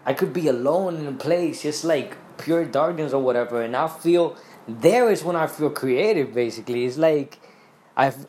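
A man's voice: a little high, a little mellow, roomy sound, slight background noise. A man hosting a podcast, talking about his spiritual outlook in a rambling, earnest way full of restarts. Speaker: podcast host. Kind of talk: casual spiritual monologue.

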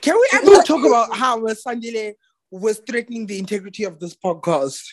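A man's voice: high voice, animated, a little fast. A man co-hosting a podcast, gossiping in a sassy, casual way. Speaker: podcast co-host. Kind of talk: casual chat.

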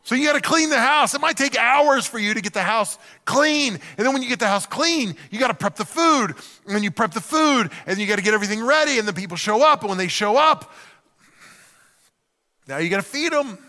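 A middle-aged man preaching a sermon to a church, telling humorous, animated stories with acted-out asides. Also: extremely high pitch, brisk, in a large hall. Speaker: pastor.

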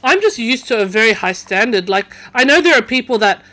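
A woman's voice: on the high side, animated, a little fast, a bit bright. A young woman, a podcast guest, telling a story in a casual chat, with lots of fillers and restarts. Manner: chatty, many fillers and restarts.

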